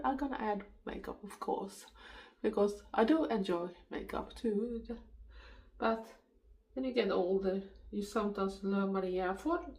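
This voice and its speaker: A woman's voice: mid-range voice, a little mellow, rough recording. Swedish lady in her 50s rambling thru her makeup routine, chatty, laughs a lot. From Sweden. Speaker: makeup vlogger. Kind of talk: casual get-ready-with-me chat.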